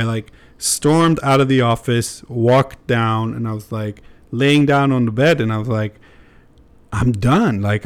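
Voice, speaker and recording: A man's voice: mid-range voice, clean tone. A young man chats on his podcast in a loose, unscripted way. He talks candidly and rambles, with fillers and casual swearing, in a mid-range voice. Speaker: podcast host.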